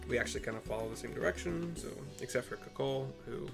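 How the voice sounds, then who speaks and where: A man's voice: medium pitch, fast talker, gravelly. A man casually narrating and describing a game story, with chatty muttered asides. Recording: game music underneath.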